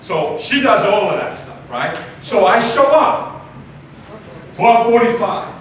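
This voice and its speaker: A man telling a story to an audience, animated, acting out the people in it with laughs. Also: high-pitched, takes it slowly. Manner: animated, acts out quoted voices with laughs. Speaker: speaker telling a business lesson story. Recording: distant mic in a very echoey room with noise.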